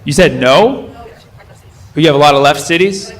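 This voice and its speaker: Speaking at normal speed in a slightly high voice, a man performs stand-up at a comedy club. He quizzes the crowd and corrects himself mid-sentence while laughter and murmur fill the room.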